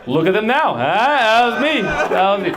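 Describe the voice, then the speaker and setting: A man doing stand-up with a fairly high voice, teasing the crowd and laughing at his own lines. He is recorded live in a club. Constant audience noise can be heard. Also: big pitch swings, moderate pace. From Romania. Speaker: stand-up comedian. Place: comedy club in London.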